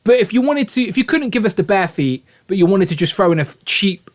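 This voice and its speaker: A British man hosts a casual live stream, rambling enthusiastically and reading out viewers' names. He talks fast in a high, sing-song voice.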